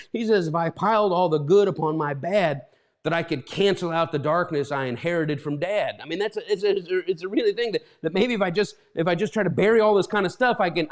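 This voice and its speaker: A middle-aged man preaching an informal sermon as a pastor, rambling with many repeated words and restarts, getting emotional. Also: a little high.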